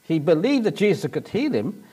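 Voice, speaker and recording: A man preaching a sermon, retelling a story in an animated way and rising to emphatic points. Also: sits high, normal speed, slightly rough.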